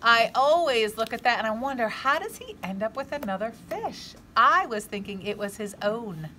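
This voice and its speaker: A woman reading a children's chapter book aloud, expressive, gasping and adding asides to young listeners. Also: on the high side, moderate pace, a little hiss or hum.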